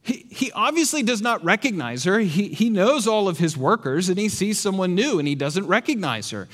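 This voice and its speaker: A man's voice: high voice, sing-song, moderate pace, fairly bright tone. A man preaching a sermon, with rhetorical questions and dry sarcastic asides. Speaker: pastor.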